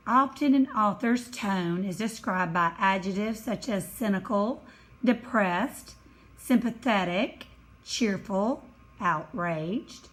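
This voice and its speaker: A woman teacher giving a recorded lesson over slides, explaining slowly and carefully, now and then correcting herself. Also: on the high side, low-quality recording. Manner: slow, careful explaining with small self-corrections.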